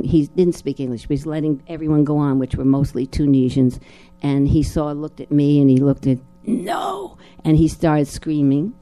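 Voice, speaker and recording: Older woman from New Jersey, guest actress at a Q&A; deep mellow tone, rambling storyteller full of restarts. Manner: rambling, frequent restarts and repeated words. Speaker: guest actress at a film screening talk. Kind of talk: personal storytelling in a live Q&A.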